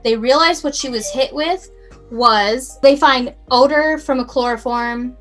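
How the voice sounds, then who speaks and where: A woman's voice: sits high, unhurried, fairly bright tone, faint music behind. A woman casually telling a true crime story to her co-host, in a chatty, rambling way that often interrupts itself.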